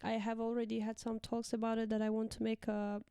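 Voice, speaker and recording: Young woman teacher telling class stories as a guest, crisp voice, dry close sound, higher range. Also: completely flat delivery, brisk, warm tone, dry recording. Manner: chatty, acts out quotes of pupils with laughs. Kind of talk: casual conversation.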